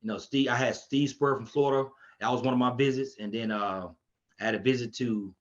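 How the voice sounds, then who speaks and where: A man's voice: medium pitch, brisk, dull audio. Man coach telling stories on a podcast. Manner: animated, acts out quotes in a raised voice. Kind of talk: casual storytelling chat.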